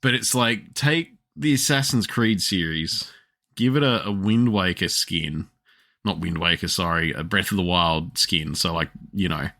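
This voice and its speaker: A man hosting a laid-back gaming podcast, his voice sitting on the lower side. He talks in a rambling, easygoing way, restarting sentences often and laughing as he goes. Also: measured pace, bright, forceful tone. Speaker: podcast host. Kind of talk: casual chat.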